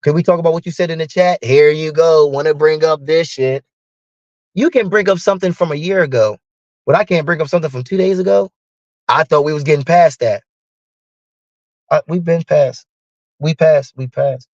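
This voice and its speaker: Speaking a little high and a little fast, a male live streamer launches into an angry, profanity-laced monologue, playing both himself and his partner in a dramatized argument. There's no echo, and the sound is lo-fi.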